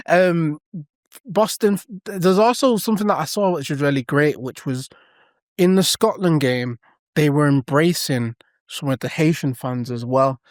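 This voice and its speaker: A man from England, co-hosting a podcast in casual chat, talking with quick restarts and frequent laughs. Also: fairly high pitch, no room sound, clean studio sound. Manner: chatty, laughs often, many restarts. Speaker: podcast co-host.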